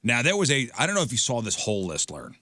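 Man, radio co-host, bright and forward tone, dry studio sound, chatty list-reader. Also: mid-range voice, wildly swooping pitch, fast, no room sound. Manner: reads out a list, chatty with fillers. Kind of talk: casual radio banter.

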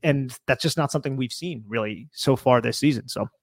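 A man co-hosting a casual sports podcast, animated and conversational with a loose, filler-heavy delivery. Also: mid-range voice, a little fast, no room sound, studio quality. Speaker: podcast co-host.

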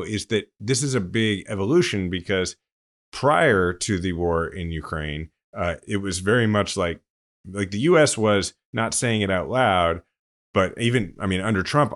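A man hosting a podcast, explaining political news in a relaxed, chatty way. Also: on the low side, normal speed. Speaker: podcast host. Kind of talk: casual political commentary.

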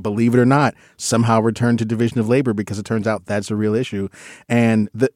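A man's voice: fairly low pitch, darkish tone, no room sound, clean studio sound. A man co-hosting a podcast, talking casually in a rambling, self-correcting way. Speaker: podcast co-host. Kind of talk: casual chat.

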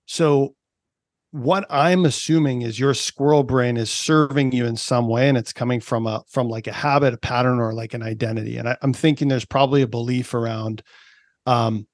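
A man's voice: mid-range voice, fairly even intonation, normal speed, no room sound, studio quality. A man from Canada in his thirties, a performance coach chatting on a podcast, explaining ideas with lots of "like" and "right?". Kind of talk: casual podcast interview.

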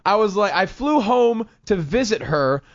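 A man's voice: high voice, a little slow. A man, a comedian, telling a self-mocking story in casual chat and acting out the voices in it. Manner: animated, self-mocking, acts out quotes. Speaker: comedian guest. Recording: dull lo-fi podcast audio.

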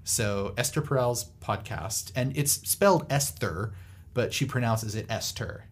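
A man's voice: medium pitch, normal speed. A rambling man chatting on a podcast. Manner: rambling, many fillers and restarts. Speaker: podcast co-host. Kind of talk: casual panel chat.

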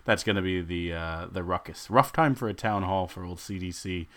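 A man's voice: low voice, moderate pace, a bit bright. A man co-hosting a sports podcast, wisecracking and hesitant, with many "uh"s and "um"s. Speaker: podcast co-host. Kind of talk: casual sports podcast chat.

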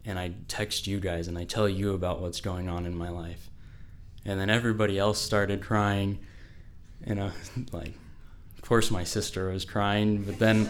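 A man's voice: low-pitched, little pitch movement, a little slow. A teenage boy telling a personal story to an audience, casual and full of "like.". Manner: casual, fills speech with "like".

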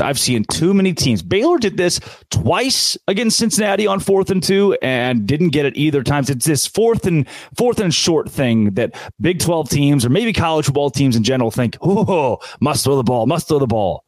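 Fired-up sarcastic sports podcast host. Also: male voice, fairly high pitch, no room sound. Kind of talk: opinionated sports rant.

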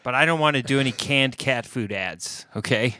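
A podcast co-host, a man with a bright, forceful tone, chatting playfully with his friends. The sound is dry and close, with no room around him. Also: medium pitch, moderate pace, no room sound. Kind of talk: casual chat.

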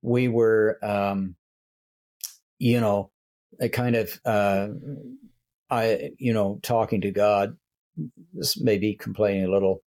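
An older man, reflecting on faith in a casual conversation as host, often pausing and restarting. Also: lowish voice, steady tone, a little mellow. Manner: reflective storyteller, hesitant with many restarts. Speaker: church leader and podcast host.

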